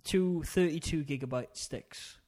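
A man's voice: a little high, a little slow, darkish tone. A man co-hosting a podcast, talking about games in a rambling, chatty way with lots of ums and laughs. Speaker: podcast co-host. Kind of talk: casual chat.

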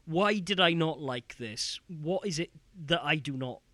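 A man's voice: on the high side, measured pace, no room sound. A British man co-hosting a podcast, chatting casually and ranting with lots of fillers. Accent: British English. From United Kingdom. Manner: animated, ranting, many fillers. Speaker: podcast co-host. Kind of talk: casual chat.

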